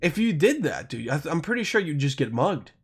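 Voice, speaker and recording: Brisk and husky, on the high side with big swings in pitch, this man from Europe hosts a podcast. He rambles through a crude story in a loose monologue, cursing and cutting himself off.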